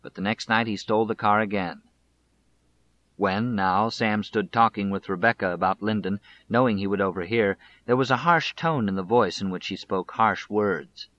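A male audiobook narrator who reads a biography in a measured, deliberate way. His voice has a somewhat low pitch and a bright, forceful tone. The recording is muffled and lo-fi. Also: no echo.

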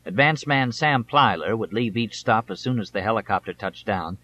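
A man narrating an audiobook in a measured, steady reading style, in a slightly dull audiobook recording. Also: on the low side, slight background noise. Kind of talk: scripted narration.

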